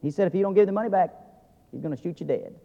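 A man voicing a soft-spoken, sly interpreter who talks low and confiding. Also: expressive, rapid-fire, gravelly, muffled recording. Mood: sly, hushed. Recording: long hall reverb.

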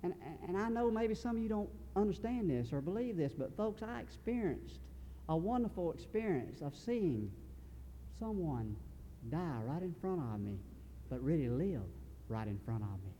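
A man's voice: high voice, sing-song, moderate pace, dark tone, a little hiss or hum. A man preaching a sermon in a large hall. He speaks earnestly in a folksy way and often restarts his sentences. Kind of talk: sermon storytelling.

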